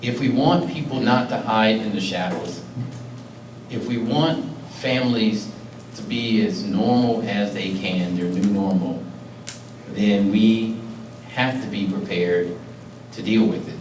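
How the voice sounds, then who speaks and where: A man's voice: lowish voice, slow pace, background noise. Middle-aged man, earnest, emotional public storytelling, roomy hall, distant mic, faint background ambience. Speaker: county executive. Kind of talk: public speech, personal story. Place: community meeting hall.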